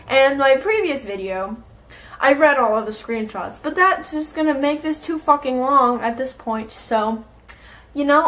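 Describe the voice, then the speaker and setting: Woman, casual storytime vlog, exasperated, sarcastic, profane, somewhat high voice. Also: fairly bright tone. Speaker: vlogger.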